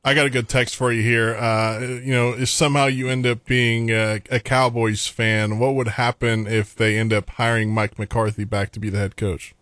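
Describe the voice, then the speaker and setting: Radio co-host guy, real flat voice, dry mic, just reading a text out. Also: medium pitch, moderate pace, hardly any pauses, no echo. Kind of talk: casual talk radio.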